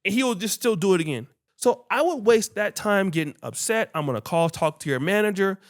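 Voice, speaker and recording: A man hosting a podcast who tells stories in casual chat, animated and swearing freely while acting out what people said. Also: high-pitched, fairly quick. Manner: animated, acts out quoted dialogue, swears freely. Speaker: podcast host.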